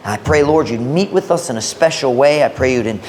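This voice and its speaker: A male pastor reading scripture, praying and preaching a sermon in a church, switching between English and Visayan with slow, emphatic phrasing. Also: medium pitch, animated, darkish tone, slight background noise. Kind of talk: sermon, Bible reading and prayer.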